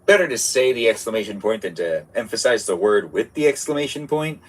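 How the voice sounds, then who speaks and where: A young man rambles chattily on his live game stream. His pitch is middling and his talk loose and conversational, often trailing off and restarting. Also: animated, brisk, few pauses. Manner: rambling, chatty, self-interrupting. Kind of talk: casual gaming live stream chat.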